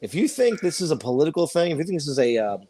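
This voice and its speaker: Lively, wisecracking man. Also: a little high, racing, a little hiss or hum. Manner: joking, profane, incredulous. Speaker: podcast co-host. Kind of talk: casual podcast chat.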